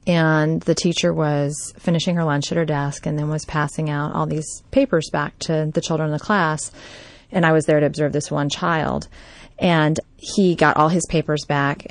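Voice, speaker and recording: A woman's voice: low voice, fairly even intonation, moderate pace, dry recording. A woman, a former behavior specialist, telling a personal story from her work and quoting the people in it. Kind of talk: personal anecdote talk.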